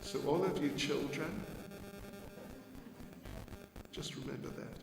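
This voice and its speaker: A man, a monk, telling a devotional story to children in an animated, drawn-out way. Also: fairly high pitch, vocal fry, music in the background. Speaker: monk giving a Sunday class. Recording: echoey hall, faint ambience.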